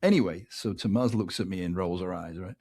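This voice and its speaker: A middle-aged man with an English accent hosting a podcast, telling a long personal anecdote in a lively way and often asking "right?". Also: low-pitched, a little fast, husky. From England. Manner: animated anecdote telling, keeps adding "right?", laughs between lines. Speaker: podcast host. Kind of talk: casual storytelling monologue.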